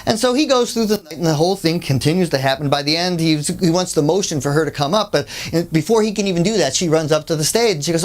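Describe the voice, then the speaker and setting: A fast-talking workshop speaker with a mid-range voice relates an anecdote, slipping in asides and performing the voices of those involved. It's a lively storytelling lecture delivered conversationally.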